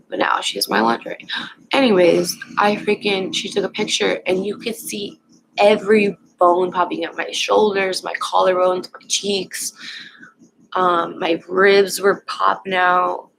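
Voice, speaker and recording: A young woman vlogger casually telling a personal story at home, rambling and halting with lots of fillers. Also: on the low side, steady tone, creaky, background noise.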